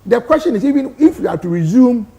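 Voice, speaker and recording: In a very high-pitched, mellow, sing-song voice, a man with a Ghanaian English accent argues emphatically at a quick pace. He appears as a studio guest in an impassioned talk-show debate, throwing out rhetorical questions.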